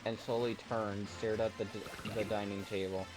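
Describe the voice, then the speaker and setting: A man's voice: fairly low pitch, level tone, moderate pace, poor audio. A young man chatting on a live stream, telling rambling stories in a playful way and chuckling between them. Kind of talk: casual live-stream chat. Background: background music.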